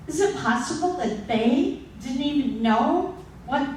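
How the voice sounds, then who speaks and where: Woman, 60s, live storyteller; slightly high voice, unhurried comic delivery, distant miked in a reverberant room. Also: animated, darkish tone, slight background noise. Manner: slow, comic, with dramatic pauses. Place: stage at a live story slam. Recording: very echoey hall, distant mic.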